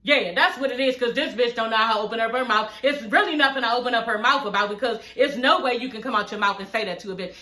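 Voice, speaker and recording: A woman in her forties giving blunt, profane, animated commentary in a casual vlog, often laughing as she talks. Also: on the high side, fast talker, hardly any pauses. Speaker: reality TV reviewer. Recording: roomy echo.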